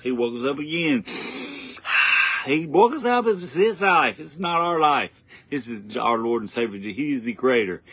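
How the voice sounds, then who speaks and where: A young lay preacher gives an informal home sermon in a lowish, husky voice. He is earnest and repetitive, often stumbling and starting over, and grows louder whenever he reads scripture.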